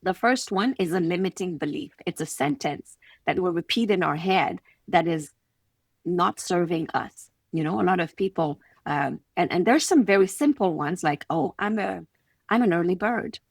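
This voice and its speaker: Quebec French-accented woman, low, dry. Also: moderate pace, vocal fry, dry recording. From Quebec City, Canada. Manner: animated, acts out little scenes in quoted voices. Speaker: guest, confidence coach. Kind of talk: conversational podcast interview.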